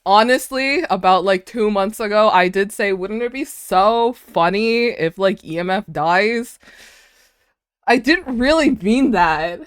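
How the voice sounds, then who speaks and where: A woman's voice: mid-range voice, expressive, a little slow, clear, resonant tone, no echo, studio quality. A young woman streaming, reacting to a video with laughter and dramatic, repeated cries. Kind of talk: live stream reaction chat.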